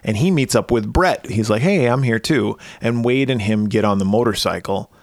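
This man's voice is on the low side at normal speed, studio quality with no echo. He's a thirty-something podcast co-host whose movie recap is crude, casual banter full of swearing, laughter and rambling.

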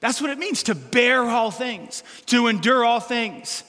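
A man preaching a sermon as pastor, animated and humorous, acting out quotes from everyday life. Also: very high voice, measured pace, long reverb tail.

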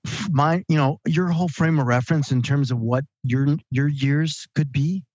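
A man's voice: a little high, moderate pace, darkish tone, no room sound. A man who is an author, a guest on a podcast, speaking earnestly and reflectively. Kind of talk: casual interview chat.

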